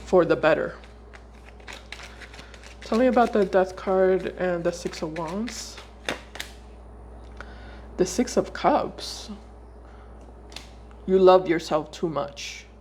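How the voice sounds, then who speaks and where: A woman giving a casual tarot reading to her viewers. She talks in a loose, searching way, often pausing and repeating words before going on. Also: on the low side, darkish tone, slight background noise. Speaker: tarot reader.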